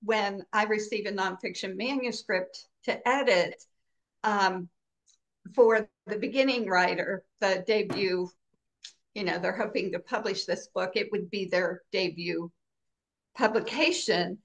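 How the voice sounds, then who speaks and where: Female editor in a coaching chat, slow and measured delivery. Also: medium pitch. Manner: measured, agreeable, adds her own points. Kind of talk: casual teaching chat.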